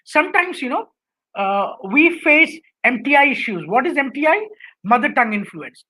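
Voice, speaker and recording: A woman's voice: high-pitched, very animated, normal speed, pushed and bright, rough recording. A woman with an Indian English accent giving a webinar lecture on public speaking, going through numbered points and often checking in with "right?". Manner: instructive, lists numbered points, tags sentences with "right?".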